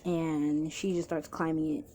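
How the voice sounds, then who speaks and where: A woman's voice: low voice, level tone, unhurried, mellow, slight background noise. A woman narrating a second-person fan story casually, with restarts and chatty asides.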